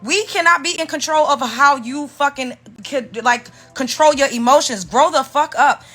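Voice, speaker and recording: A woman from New York speaks with a Brooklyn accent in a heated, profane rant. Her voice sits a little high and sounds bright and forceful. Faint music plays behind her. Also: normal speed. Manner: profane, fiery, animated. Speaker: commentator. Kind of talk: heated rant reacting to reality TV clips.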